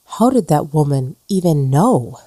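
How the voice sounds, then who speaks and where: A woman narrating a ghost story in a measured, dramatic storytelling manner. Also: low-pitched, very animated, warm tone, no room sound, studio quality. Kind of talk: scripted narration.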